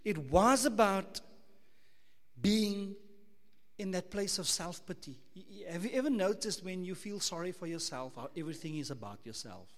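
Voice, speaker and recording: A South African man preaching a sermon, emphatic, full of rhetorical questions, swinging between loud and hushed. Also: high voice, animated, normal speed, big-room sound. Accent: South African English.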